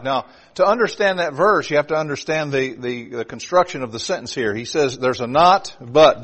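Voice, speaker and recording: A man's voice: mid-range voice, a little fast. Male preacher, emphatic sermon delivery with direct questions to the pews. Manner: emphatic, rising and dropping for emphasis; asks the congregation direct questions.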